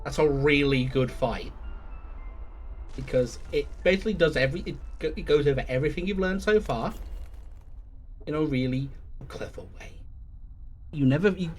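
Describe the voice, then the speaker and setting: A man streaming a game live, thinking aloud in a rambling way and swearing casually as he plays. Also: a little high. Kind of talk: live gameplay commentary.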